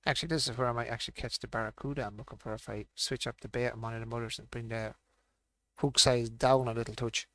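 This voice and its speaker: A man's voice: mid-range voice, steady tone, fast talker, pushed and bright, no echo. A man streaming a fishing game, thinking aloud and muttering to himself as he plays. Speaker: gaming streamer. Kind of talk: casual live-stream commentary.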